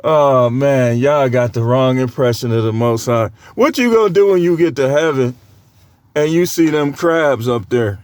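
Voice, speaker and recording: A man's voice: mid-range voice, normal speed, darkish tone. A man with a cold who coughs now and then, preaching a casual, joking sermon with lots of laughter and slangy banter.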